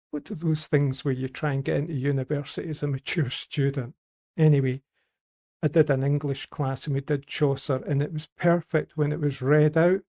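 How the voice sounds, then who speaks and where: A man's voice: a little high, creaky, dark tone. A Scottish man chatting casually on a podcast, telling rambling anecdotes. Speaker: podcast regular. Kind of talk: casual group chat.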